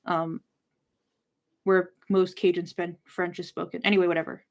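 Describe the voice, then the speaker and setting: A woman's voice: lowish voice, little pitch movement, normal speed, gravelly, a little mellow. A woman hosting a casual book discussion, chatting loosely with viewers and filling her sentences with "like" as she rambles. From North America. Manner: rambling, many "like" fillers. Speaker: host of a book discussion channel. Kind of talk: casual livestream chat, replying to viewers.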